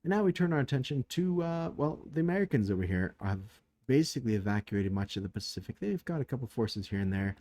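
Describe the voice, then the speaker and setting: A man's voice: medium pitch, big pitch swings, quick pace, hardly any pauses, a little mellow. A man casually recapping a turn of a strategy board game, thinking aloud with many fillers, tired late at night.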